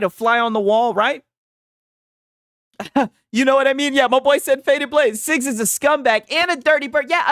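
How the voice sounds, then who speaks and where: A man's voice: very high voice, no echo. Man streamer, reaction commentary, swings up and down a lot, dry close sound, crude trash talk. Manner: animated, profane trash talk. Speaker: streamer host.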